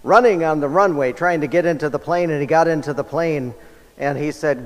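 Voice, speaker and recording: A man's voice: a little high, moderate pace. A man preaching a sermon in a church, conversational and self-deprecating with light humor. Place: church sanctuary. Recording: long church reverb.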